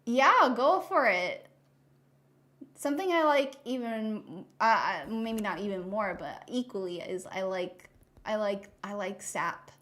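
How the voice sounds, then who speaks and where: A young adult woman chats loosely during a live drawing stream, full of little restarts and asides. She reads out messages from chat and reacts as she goes. Her talk is relaxed and conversational, close to the mic. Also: medium pitch, takes it slowly. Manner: chatty, rambling, reads chat aloud. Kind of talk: casual chat while drawing.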